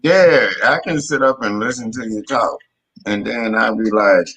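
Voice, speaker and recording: A man's voice: medium pitch, a little slow, a bit bright, slightly rough, low-quality recording. A man from the Southern United States with a Southern accent, chatting in laid-back slang in a casual group voice chat. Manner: laid-back slang, repeats "you get me".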